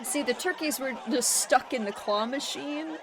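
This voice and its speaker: Giggly high-voiced woman streamer. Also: normal speed, a crowd in the background, background noise. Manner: giggly, laughs often between lines. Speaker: livestream host. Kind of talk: casual chat reading viewer messages.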